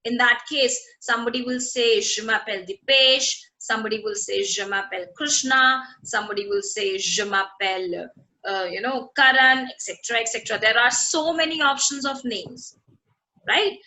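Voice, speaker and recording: A woman with a high, bright voice teaches a French class. She explains patiently and says each example sentence twice. She keeps stopping to ask whether the students understand. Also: normal speed, rough recording. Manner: checks often that students follow. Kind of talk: online language lesson.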